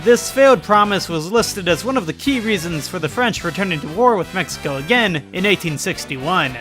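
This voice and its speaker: Bright wry young-sounding male narrator. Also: sits high, animated, moderate pace. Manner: wry, sarcastic asides. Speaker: video narrator. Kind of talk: scripted history narration with jokey asides. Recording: faint music behind.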